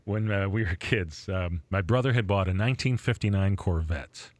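A man with a low voice chats casually as co-host of a radio after-show. He rambles through family anecdotes, often restarting sentences and chuckling. The sound is dry and close, like a small studio. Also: normal speed, no room sound. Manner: rambling, chuckling, self-interrupting. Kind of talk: casual chat. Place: Rochester, New York area.

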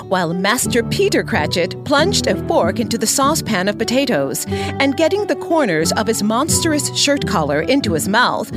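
A woman narrating a classic story aloud, with expressive storytelling. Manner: expressive storytelling, lively pitch.

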